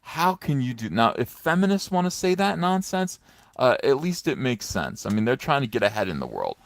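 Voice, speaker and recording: A man's voice: mid-range voice, big pitch swings, fairly quick, vocal fry, dry recording. A middle-aged man giving sarcastic, mocking commentary in a rambling way with many fillers, recorded on a phone on a stand. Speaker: comics commentator. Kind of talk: casual commentary vlog.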